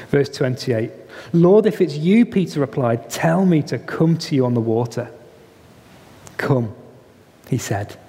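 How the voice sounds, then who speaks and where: A man preaching a sermon, telling the story in an animated way and acting out the voices in it. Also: medium pitch. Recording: long reverb of a hall.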